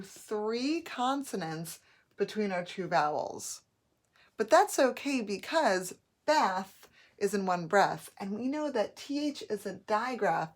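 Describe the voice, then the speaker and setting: A woman teacher giving a patient phonics lesson, modeling each word slowly and clearly. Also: mid-range voice. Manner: slow, patient, drawn-out modeling of words.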